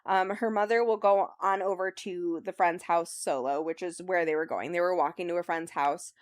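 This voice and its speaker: In a steady, lowish voice at a moderate pace, a young woman hosts a book club and casually recaps a novel. Her chatty summary leans heavily on fillers like um and like. The audio is studio quality without echo.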